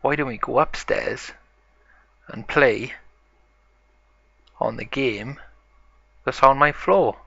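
Man doing a small excitable boy pig. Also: medium pitch, slow pace, creaky, long pauses, no echo, dull audio, pitched above the performer's own voice, full character voice. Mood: eager.

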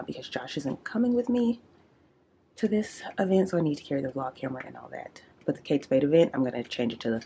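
A woman fashion vlogger chatting casually to camera, filling her talk with "um" and "like", in a low, husky morning voice. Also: darkish tone, a little hiss or hum. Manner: chatty, lots of "um" and "like".

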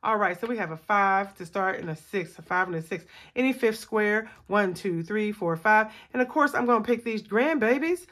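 A woman's voice: mid-range voice, animated, moderate pace, few pauses, fairly bright tone. A tired woman hosting a budgeting video, chatting casually with viewers and counting aloud as she plays a savings game at home. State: tired after a long workday. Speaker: budgeting channel host. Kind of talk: casual chat while playing a savings game.

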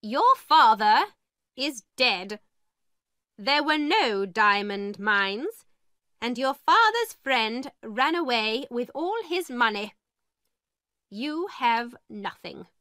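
A woman voicing a stern, cold, angry schoolmistress in a storybook reading, with a sharp, commanding manner. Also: big pitch swings, takes it slowly, no room sound, studio quality, heavily acted. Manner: sharp, commanding, raised and higher.

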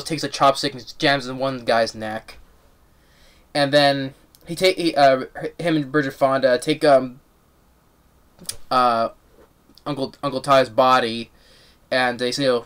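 A man giving a casual, rambling movie review and recapping the plot excitedly with lots of restarts. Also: medium pitch, clean tone.

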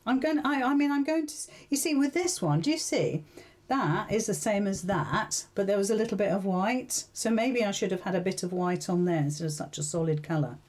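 A woman runs a relaxed, chatty live sewing tutorial, thinking aloud as she works and often asking her viewers questions. Her mid-range voice is warm and mellow, and she talks briskly.

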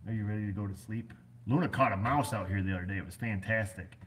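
A man's voice: fairly low pitch, quick pace, a bit bright, slight background noise. A middle-aged American man who runs an auto repair shop, chatting casually in a folksy, rambling way full of fillers. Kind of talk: casual rambling vlog chat.

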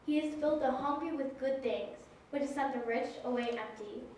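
A woman giving an enacted scripture reading in worship, with a measured, proclaiming delivery. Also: sits high, darkish tone. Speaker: scripture reader. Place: large worship hall. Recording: echoey hall from far off, faint noise.

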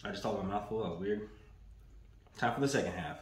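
A man's voice: fairly low pitch, fairly quick, slight background noise. A man casually reviewing snacks in a loose, playful vlog manner, repeating himself as he talks. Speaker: food reviewer. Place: indoors, standing. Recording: roomy echo.

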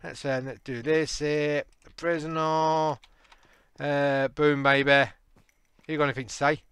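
A man, casually and excitably commentating a game, joking and laughing at his own jokes. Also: mid-range voice, moderate pace, clean tone, dry recording. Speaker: gaming channel host.

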